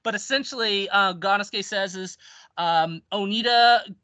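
A man's voice: high voice, a little slow, pushed and bright, dry recording. A man casually retelling a long story on a podcast, rambling with restarts and acted-out quotes. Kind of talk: casual wrestling history chat.

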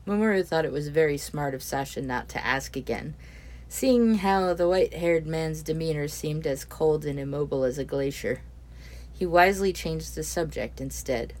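Low-voiced woman narrating a story. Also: moderate pace, a little mellow. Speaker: audiobook narrator.

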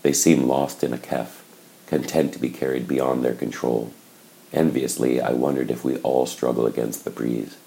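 A man reading a novel aloud in a measured, reflective way. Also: extremely low pitch, little pitch movement, vocal fry, dark tone, low-quality recording. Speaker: narrator. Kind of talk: scripted audiobook narration.

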